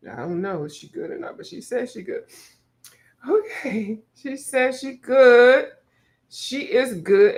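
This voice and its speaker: A woman's voice: mid-range voice, fairly bright tone. Giggly woman painting on a livestream. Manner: laughing a lot, reading out chat, teasing. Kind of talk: casual livestream chat while painting.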